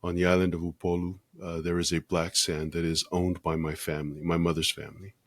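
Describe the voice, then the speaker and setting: A man with a very low voice speaks as a podcast guest, earnest and measured, often pausing to gather his thoughts. The sound is close and dry, with no room echo. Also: little pitch movement. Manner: measured and earnest, with frequent pauses and fillers. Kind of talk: reflective interview conversation.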